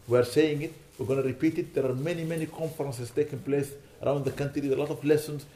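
A man's voice: fairly high pitch, fairly even intonation, fast, mellow. A man giving an earnest sermon, pleading with his listeners and rising to indignant emphasis. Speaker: imam.

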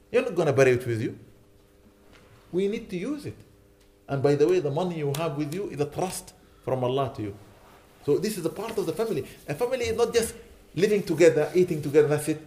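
Earnest preaching man, mellow voice. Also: a little high, expressive, fast. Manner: earnest, pleading, rising to indignant emphasis. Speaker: imam. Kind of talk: sermon.

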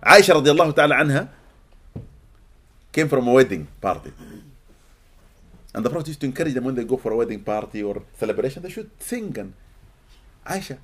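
Lively man lecturing. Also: medium pitch, fairly quick, pauses often, breathy edge. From Sudan. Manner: animated and expressive, laughing often, non-native phrasing. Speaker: Islamic teacher. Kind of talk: religious lecture to a live audience. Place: lecture hall with a seated audience.

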